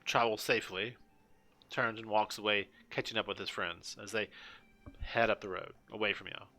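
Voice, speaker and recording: A man narrating as game master of a live-streamed tabletop game, halting with many restarts and fillers. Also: on the low side, fairly even intonation, bright, forceful tone.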